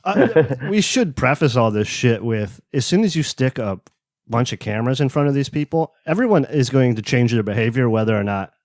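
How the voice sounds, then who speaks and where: A laid-back man chatting on a podcast, his voice at an ordinary middle pitch. The sound is dry and close, with no room around it. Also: expressive, brisk, darkish tone, no echo. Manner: laid-back, swears casually, acts out quotes. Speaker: podcast co-host. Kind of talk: casual chat.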